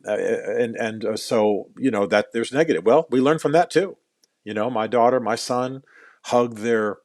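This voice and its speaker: Here a middle-aged author appears as a podcast interviewee, his voice medium in pitch and the sound dry. He recounts stories in an earnest manner, repeating words to drive a point home while making dry cracks at his own expense.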